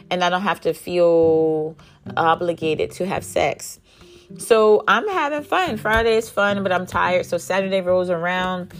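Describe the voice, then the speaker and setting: A young woman hosting a podcast, telling a personal story in a blunt, profane, lively way. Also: on the low side. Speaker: podcast host. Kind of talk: candid storytelling chat.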